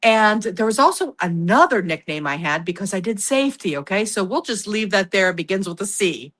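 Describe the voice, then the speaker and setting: Woman, bright voice, podcast guest, animated storytelling, laughs a lot. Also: mid-range voice, fairly quick. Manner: animated, laughs often, quotes people in lively voices. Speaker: guest, paranormal investigator. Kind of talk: casual storytelling in conversation.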